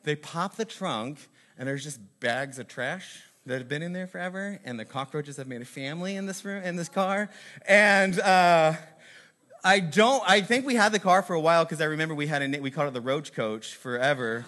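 A man's voice: a little high, expressive, moderate pace, sharp tone. A man from the American South hosting a video, telling stories in a casual, joking, self-mocking way, rambling with many fillers. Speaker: video host. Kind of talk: casual comic storytelling to camera.

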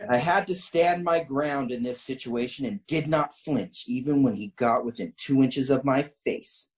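A man's voice: medium pitch, moderate pace. A man hosting a casual talk show, reading a funny story aloud and often breaking into laughter. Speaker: host reading a listener story.

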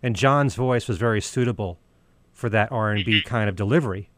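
A man's voice: fairly low pitch, fairly quick, fairly bright tone, no echo. A man who hosts a radio show, chatting about music and asking his co-host pointed questions. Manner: questioning, conversational. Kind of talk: casual music discussion.

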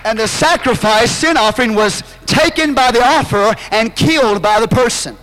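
Male pastor, very high, bright and forceful voice, impassioned sermon delivery with shouts. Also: rough recording. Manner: impassioned preaching with drawn-out phrases and sudden shouts.

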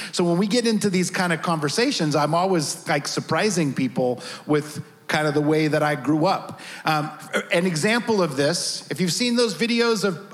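A man preaching to his congregation with a fairly high voice. He tells a story in an animated way, acting out the people in it, before the reading. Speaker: pastor. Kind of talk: sermon with personal story.

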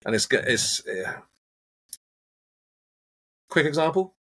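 A man, a hypnotherapist, talking in a casual interview and acting out everyday examples in an animated, coaching way. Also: on the high side, takes it slowly, slightly rough. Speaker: hypnotherapist guest.

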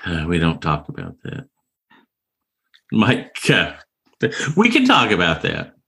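Slow bright-voiced man hosting a podcast. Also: low voice, gravelly, husky. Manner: laughs often, relaxed and chatty. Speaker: podcast host. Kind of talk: casual chat.

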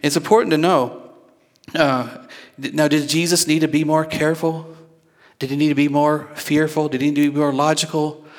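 A man's voice: a little high, steady tone, moderate pace. A male pastor preaching a sermon in a conversational way, repeating words as he goes and drawing the congregation in with questions. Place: church.

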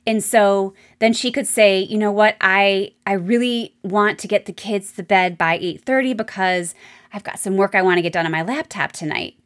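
A woman hosting a solo advice podcast as a marriage coach, talking straight to her listeners in a chatty, animated way. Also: medium pitch.

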